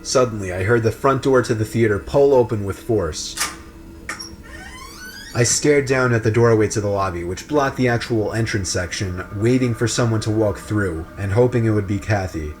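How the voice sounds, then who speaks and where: A man giving a scripted, steady narration of a creepy story. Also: on the low side, moderate pace, soft background music.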